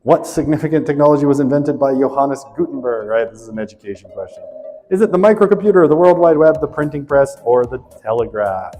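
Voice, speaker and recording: A man's voice: medium pitch, animated, fast, dark tone, long reverb tail, soft background music. A male instructor running a class quiz review, reading questions aloud and joking with students.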